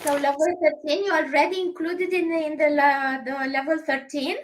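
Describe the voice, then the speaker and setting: A woman's voice: sits high, fairly even intonation, normal speed, rough recording. A woman with a Romanian accent, hosting a podcast in English as a second language, speaking hesitantly with many fillers. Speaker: podcast host. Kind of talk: casual podcast chat.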